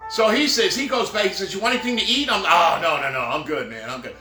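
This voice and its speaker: A man's voice: sits high, lively intonation, fast talker, pushed and bright. A middle-aged man who works as a professional Santa, telling stories in a casual, rambling monologue with jokey asides and acted-out dialogue. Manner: acts out quoted dialogue. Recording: roomy echo with faint music.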